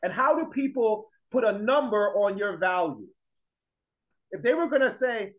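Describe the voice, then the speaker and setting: A man's voice: high-pitched, expressive, normal speed, low-quality recording. A man teaching a class in a classroom lecture, emphatic, repeating his points and firing rhetorical questions at the students.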